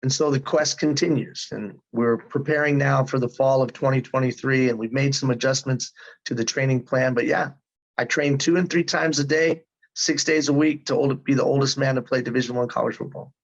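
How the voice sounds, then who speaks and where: A man's voice: mid-range voice, a little fast, muffled recording. A man in his fifties telling his story in a casual interview, earnest and emphatic. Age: 50s. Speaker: guest.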